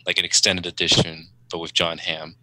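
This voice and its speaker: A man's voice: deep voice, flat delivery, moderate pace, background noise. A man who is a guest on a podcast, joking around in goofy casual chat.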